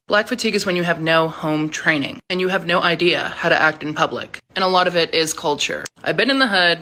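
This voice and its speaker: Heated woman ranting, bright and forceful. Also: on the low side, fairly quick, hardly any pauses. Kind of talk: angry rant.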